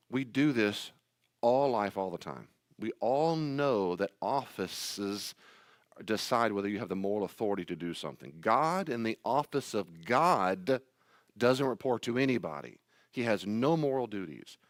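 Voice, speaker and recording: A man's voice: medium pitch, animated, moderate pace, no room sound. Pastor guy teaching, emphatic, bouncy up-and-down voice, lots of rhetorical questions, dry close sound. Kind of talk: sermon-style teaching talk.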